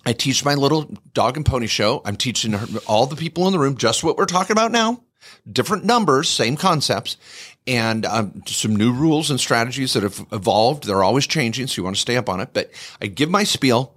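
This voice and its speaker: Husky, lively-voiced man telling a story. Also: mid-range voice, brisk. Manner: animated, jokey storyteller who acts out quoted people. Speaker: podcast co-host. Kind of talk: casual storytelling chat.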